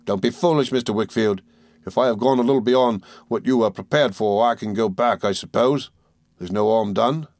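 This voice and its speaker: A man putting on a scheming young clerk from a classic novel, oily and falsely humble, his talk sulky and wheedling. The voice sits higher than the reader's own narrating voice, in a dry recording with no room sound. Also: moderate pace, darkish tone, no echo, close to an everyday voice. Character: fawning, sly young male clerk schemer. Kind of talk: audiobook reading.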